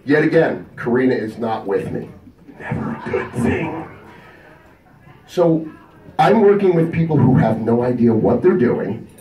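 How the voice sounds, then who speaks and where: Man, stand-up storyteller, lively, crude, acts out characters, roomy echo, distant mic. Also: mid-range voice, unhurried, long pauses. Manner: animated, crude, acts out the people in his stories. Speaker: comedian telling a story on stage. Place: convention stage. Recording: echoey room, mic from a distance.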